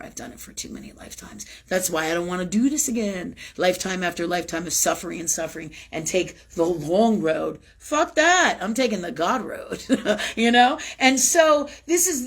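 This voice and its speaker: Profane, fiery spiritual host, a woman. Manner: blunt, profane and emphatic, swinging from low intensity to high outbursts. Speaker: host of a spiritual live talk show. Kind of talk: casual spiritual monologue. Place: at home, livestream.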